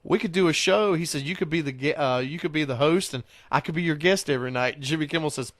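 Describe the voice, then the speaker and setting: A man hosting a casual show, an animated storyteller who rambles. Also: a little high, fast talker, dry recording. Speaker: podcast host. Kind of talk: casual chat.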